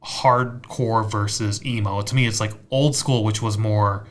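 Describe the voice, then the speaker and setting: A man's voice: fairly low pitch, steady tone, unhurried. A man co-hosting a podcast, talking casually in a blunt, profane way and mocking whiny voices. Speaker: podcast co-host. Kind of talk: casual chat.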